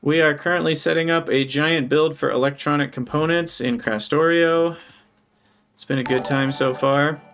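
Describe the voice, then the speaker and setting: A man streaming a building game live, thinking aloud as he plans and brightening to greet viewers in chat. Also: fairly high pitch, steady tone, moderate pace. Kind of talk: live gameplay commentary.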